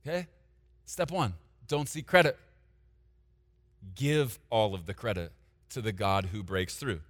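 Lively preaching man, loud then hushed. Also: lowish voice, unhurried, in a large hall. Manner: preaching with sharp swings from loud emphatic lines to quiet asides; directly addresses the congregation, asking them to take notes. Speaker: pastor. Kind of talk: sermon.

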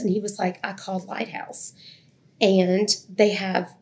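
A middle-aged woman recounts her own story with earnest candor. Her voice is gravelly and sits at an ordinary pitch. She often quotes other people's words as she talks. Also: level tone, moderate pace, very noisy. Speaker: guest telling her adoption story. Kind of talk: emotional personal storytelling.

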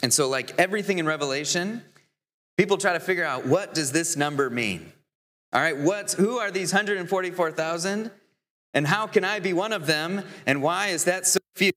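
A man preaching a sermon as deacon, earnest, building to emphatic peaks and slowing on key phrases. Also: sits high, sharp tone. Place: church. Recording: long hall reverb.

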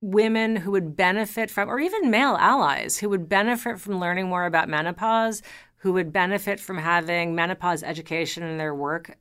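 A woman in her fifties hosts an interview podcast in an eager, chatty manner, often restarting her sentences. Her voice sits a little low yet sounds bright and forceful. It is smooth and crisp throughout. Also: a little fast. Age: 50s. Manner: enthusiastic, chatty, many fillers and restarts. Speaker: podcast host. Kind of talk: conversational interview.

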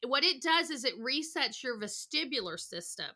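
Her voice sits high and moves at a moderate pace as this middle-aged counselor gives a podcast interview. She's a spirited storyteller, acting out little voices with plenty of energy.

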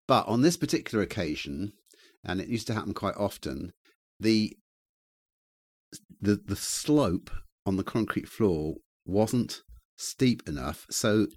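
A man's voice: on the low side, animated, unhurried, darkish tone, no room sound. A man in casual chat, telling rambling, self-deprecating stories.

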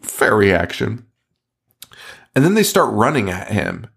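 A man's voice: lowish voice, very animated, takes it slowly, creaky, fairly bright tone, slightly rough. A man hosting a podcast, recapping a movie in casual chat, swearing often and laughing in disbelief. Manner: profane, laughing, incredulous storytelling. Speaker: podcast host.

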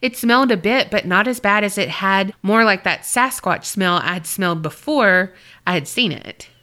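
A woman's voice: mid-range voice, moderate pace, sharp tone. A woman co-hosting a paranormal podcast, reading a listener's story aloud and chatting. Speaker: podcast co-host.

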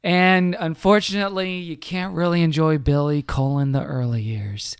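A man's voice: on the high side, steady tone, normal speed, clear, resonant tone, dry recording, clean studio sound. A man co-hosting a comedy podcast over a video call, joking and slipping into mock-solemn tones. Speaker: podcast co-host. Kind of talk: casual comedic chat.

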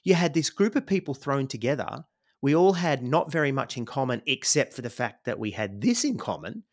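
A man's voice: medium pitch, big pitch swings, a little fast. A middle-aged Australian man, a podcast guest, telling his life story in a reflective, rambling way, with frequent "you know"s. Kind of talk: conversational storytelling.

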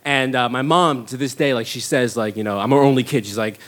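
A man's voice: medium pitch, brisk. A man, telling a rambling comic story full of likes and uhs. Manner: rambling, many likes and uhs, animated when excited. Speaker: stand-up comedian and storyteller. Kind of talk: storytelling monologue.

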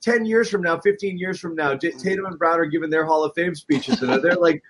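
A middle-aged man co-hosting a casual sports podcast, telling stories with lively acted-out quotes. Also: fairly high pitch, fairly quick, slight background noise. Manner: animated storyteller, acts out quotes. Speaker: podcast co-host.

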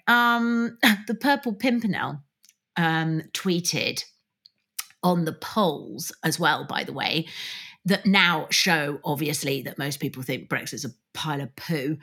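A woman podcast co-host, chatting in a wry, animated way. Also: mid-range voice, husky. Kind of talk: casual chat.

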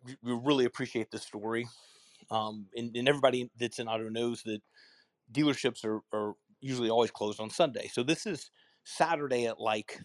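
A man's voice: medium pitch, dry recording. A man telling a casual anecdote, acting out both sides of phone calls with many restarts and repeated words. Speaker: speaker telling a customer-service story.

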